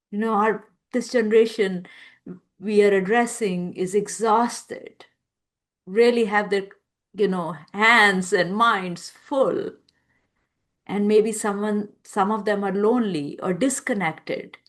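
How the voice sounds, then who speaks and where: A woman hosting a podcast interview, speaking in a calm, affirming way with soft spiritual phrasing. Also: mid-range voice. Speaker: podcast host. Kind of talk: slow, gentle interview talk.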